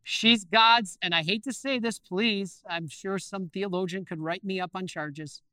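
A man preaching a sermon with animated storytelling, asking his listeners questions and acting out scenes. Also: high-pitched, unhurried, smooth, no room sound. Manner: animated, acts out scenes, asks the audience questions.

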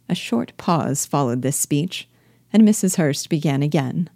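A woman reading a classic novel aloud with measured, expressive narration. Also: low-pitched, vocal fry, no echo, clean studio sound. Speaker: reader and teacher.

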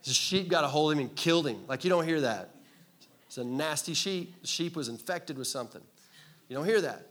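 A man preaching a sermon to a congregation in a relaxed, conversational way, cracking jokes and asking the room to answer back. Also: on the high side, a little fast. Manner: conversational, joking, asks the crowd to respond. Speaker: pastor. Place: church hall with congregation.

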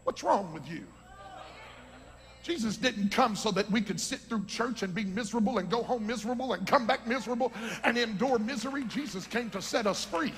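A man preaching a sermon, teaching from scripture with fervent, shouting emphasis. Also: extremely high pitch, fairly quick, a little hiss or hum. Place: large hall with a congregation. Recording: long hall reverb.

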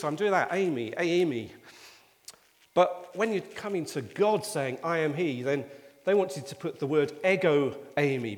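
A man preaching a sermon, explaining scripture in an emphatic teaching manner. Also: fairly high pitch. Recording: long reverb of a church hall.

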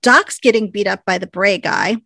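A woman's voice: mid-range voice, a little fast, vocal fry, sharp tone, no echo. A woman casually recapping a TV episode, chatty, with lots of likes and ums. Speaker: podcast co-host.

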